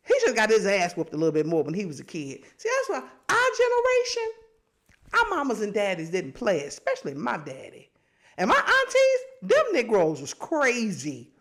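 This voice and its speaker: A woman hosting a casual podcast, talking in an animated, sassy way and laughing often. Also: mid-range voice, moderate pace. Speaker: podcast host. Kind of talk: casual chat.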